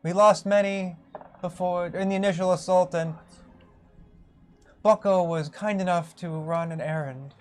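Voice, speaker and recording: A man's voice: fairly even intonation, a little slow, long pauses. A man doing an old blind rabbit priest. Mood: mild. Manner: high quavery voice, clears throat, trails into hums. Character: frail old male rabbit-folk priest, blind and kindly. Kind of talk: tabletop role-play character voice.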